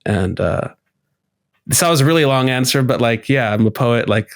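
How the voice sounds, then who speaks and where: A man's voice: animated, moderate pace, no echo, clean studio sound. Candid man talking loosely, swearing as he goes. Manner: reflective, casual and profane, acts out his inner voices with rising pitch. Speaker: podcast guest, poet. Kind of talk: candid conversational interview.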